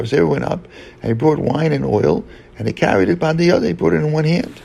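Gravelly, husky man teaching Talmud. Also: fairly high pitch, animated, dark tone, low-quality recording. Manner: halting, with many restarts and fillers; mixes English with Hebrew and Aramaic terms. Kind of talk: Talmud study lecture.

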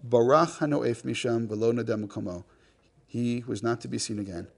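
Gravelly man teaching a text class. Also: mid-range voice, moderate pace. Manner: reads text line by line and translates, jokes with the class. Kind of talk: classroom lecture.

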